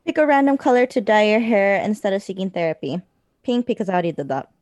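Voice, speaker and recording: A woman's voice: mid-range voice, animated, fast talker, darkish tone, no room sound. A young woman chatting casually over quizzes, blunt and teasing, swearing freely. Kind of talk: casual chat doing online quizzes.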